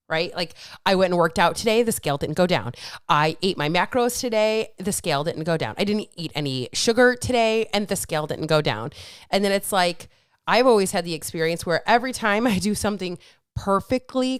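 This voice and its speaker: Candid, smooth-voiced woman podcast host. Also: lowish voice, dry recording, studio quality. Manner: candid, swears freely, acts out inner voices. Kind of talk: casual podcast chat.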